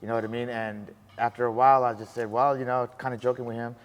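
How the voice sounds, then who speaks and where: A man talking quickly at a mid pitch, recounting his story in casual, animated bursts and acting out the voices of others. His voice carries a long reverb, as if he were recorded in a large room. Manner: animated, acts out dialogue, says bro. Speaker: podcast guest.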